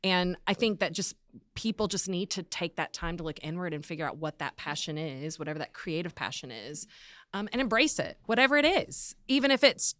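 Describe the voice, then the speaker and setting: A woman guest from North Carolina chatting casually in a podcast interview, laughing often and filling pauses with "um". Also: lowish voice, expressive, fairly bright tone, no echo. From North Carolina, USA. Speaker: podcast guest, arts executive director.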